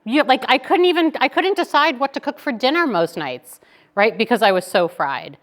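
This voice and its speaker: Female keynote speaker, 40s, somewhat high voice, chatty storytelling delivery with frequent "right?" check-ins. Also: moderate pace. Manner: chatty, animated, tags lines with "right?".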